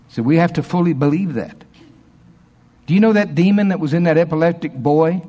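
A man preaching a charismatic sermon, fervent, dropping to low murmurs and rising to excited storytelling. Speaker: pastor.

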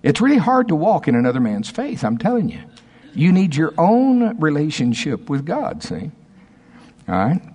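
A male pastor preaching a sermon, reading quotations slowly and emphatically with asides to the congregation. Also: on the high side, wildly swooping pitch, darkish tone, breathy edge.

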